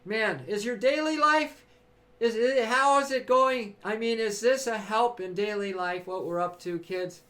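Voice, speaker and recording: A man's voice: high voice, unhurried, sharp tone. A man hosting a livestream, giving an enthusiastic motivational talk to his chat, preachy and exuberant, breaking into cheers and whoops. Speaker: livestream host.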